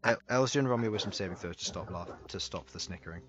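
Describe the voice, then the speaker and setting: Male dungeon master, loose rambling narration, low pitch, bright. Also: fast, lo-fi sound. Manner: loose, rambling, hesitant with fillers. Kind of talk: narrating a tabletop game.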